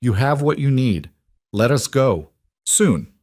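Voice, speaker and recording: A determined young mother, voiced by a man, pitched well above his normal voice. She speaks tense and urgent in a dry, close audio-drama recording. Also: very animated, slow pace, darkish tone, no room sound. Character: determined young mother, former field medic.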